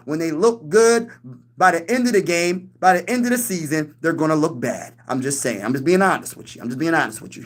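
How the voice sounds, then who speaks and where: A man's voice: on the high side, fairly bright tone. A young man hosting a casual sports livestream, reading chat comments aloud and trash-talking other teams. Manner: hypes, reads and answers chat comments, talks trash.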